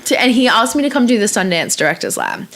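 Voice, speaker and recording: A woman's voice: on the high side, fast talker, a little hiss or hum. A young woman from Australia, an actress, telling stories in a casual interview with lots of acted-out quotes. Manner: chatty, animated storytelling with acted-out quotes and laughs.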